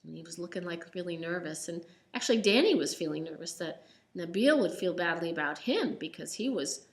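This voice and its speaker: A woman's voice: on the low side, expressive, brisk. A woman telling a children's story aloud in a casual, unscripted way, with ums and restarts.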